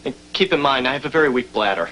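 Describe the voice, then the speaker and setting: A man's voice: medium pitch, lively intonation, fast, bright, forceful tone, a little hiss or hum, low-quality recording. An actor playing a childish, melodramatic grown man visiting his doctor, whiny and theatrical with nervous laughs. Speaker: patient. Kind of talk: sitcom acting.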